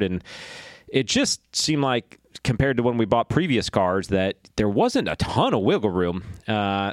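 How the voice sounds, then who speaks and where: A man co-hosts a podcast, thinking aloud in a candid, self-deprecating way. His voice sits on the low side, recorded dry and close. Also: dry recording. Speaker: podcast co-host. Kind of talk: casual podcast chat.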